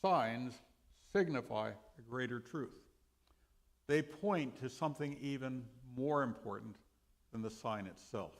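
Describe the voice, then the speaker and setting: Slow, deliberate male Bible teacher. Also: expressive. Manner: slow, deliberate, dynamic rises and drops in pitch and loudness. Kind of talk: sermon teaching session. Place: church.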